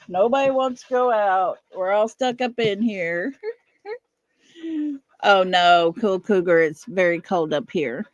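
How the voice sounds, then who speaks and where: Slow-talking middle-aged woman chatting live from home. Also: a little high, no room sound. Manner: chatty, laughs often, fusses over her dog. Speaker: livestream host. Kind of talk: casual livestream chat. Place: at home, indoors.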